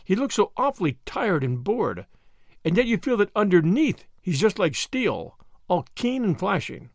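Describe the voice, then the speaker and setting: A man voicing an eager, chatty young woman with a bubbly, excitable manner. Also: sits high, moderate pace, dry recording, studio quality, voice pushed up. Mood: excited.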